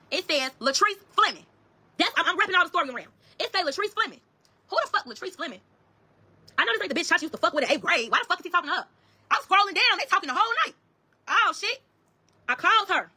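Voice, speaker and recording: A woman telling her own story to viewers in a rapid, heated, profane way. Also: extremely high pitch, animated, pushed and bright. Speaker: storyteller in a social media clip.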